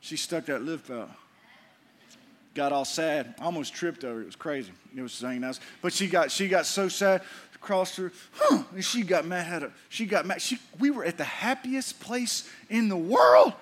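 A middle-aged man preaching a sermon to his church, folksy, joking with the congregation and animated. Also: high-pitched, normal speed. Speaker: pastor.

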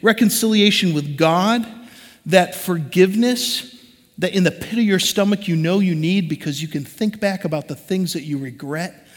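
A man in his forties preaching a sermon as a pastor, conversational and animated, acting out the voices he quotes. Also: high voice, moderate pace, big-room sound.

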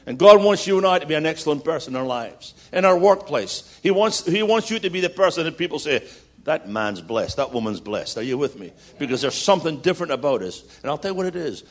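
A man preaching as a guest speaker, building to loud repeated declarations and slipping in jokey stories. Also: on the high side, expressive, quick pace, hardly any pauses. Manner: jokey storytelling asides. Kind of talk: sermon.

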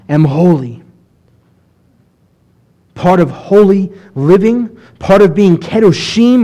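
A rabbi preaching a sermon with passion, reading scripture aloud, dropping to a hush and then rising loud. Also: male voice, a little high. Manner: impassioned preaching, swings from hushed to loud; reads scripture aloud with Hebrew terms.

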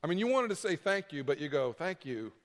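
A man's voice: high-pitched, big pitch swings, fast talker, long reverb tail. A man preaching a sermon, repeating key phrases for emphasis and acting out what people would say. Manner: preaching with emphatic repetition and acted-out quotes. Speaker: pastor.

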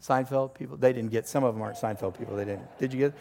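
A man's voice: mid-range voice, quick pace, creaky, dark tone, long reverb tail. An older man preaching a sermon as a pastor, in a conversational, joking storytelling manner before a live congregation.

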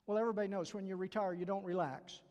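Older Southern man preaching, stutter, high voice. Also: fairly even intonation, rapid-fire, muffled recording. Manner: earnest, repeats key phrases, acts out quoted voices. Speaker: church staff preacher. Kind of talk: sermon. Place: church sanctuary. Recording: long reverb from a large hall.

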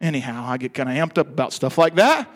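A male pastor preaching a sermon, swinging between loud, fired-up preaching and hushed, quick storytelling. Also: mid-range voice, sing-song.

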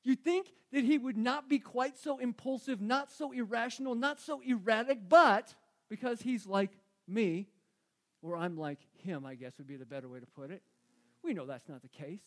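A male pastor preaching a sermon, acting out Bible figures and swinging from loud to hushed. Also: very high voice, normal speed.

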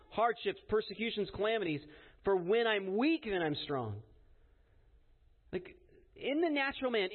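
A man with a high voice preaches an earnest, emphatic sermon. He keeps asking his listeners "right?" as he drives each point home. The recording is narrow and tinny, like a phone line.

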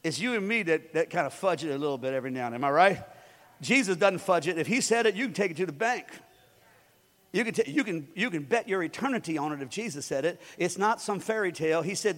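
A man's voice: high voice, big pitch swings, fairly quick. A male pastor preaching a conversational sermon with joking asides in a church. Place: church sanctuary. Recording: long reverb of a large hall.

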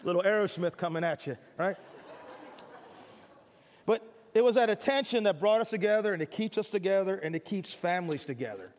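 Animated and brisk, a high-voiced pastor gives a chatty sermon, performing small everyday scenes for laughs. The church hall's long reverb surrounds him, with slight background noise in the recording.

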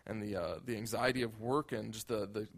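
A man's voice: lowish voice, steady tone, a little fast. A male pastor preaching a conversational sermon, often repeating words as he builds a point.

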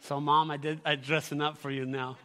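A middle-aged male pastor preaches with earnest conviction and calls out to his congregation. His voice sits high and sounds bright and forceful. The sanctuary gives the sound a long, ringing reverb. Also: level tone, a little fast. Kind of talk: sermon. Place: church sanctuary.

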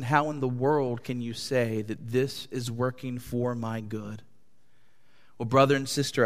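Male pastor, passionate sermon delivery, mid-pitched voice, long hall echo. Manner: impassioned preaching with wide swings in pitch and loudness. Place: church hall.

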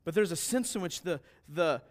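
Speaking expressively at a normal speed, this pastor delivers a conversational sermon built on anecdotes and restarts. When he plays the characters in his stories, his pitch suddenly rises.

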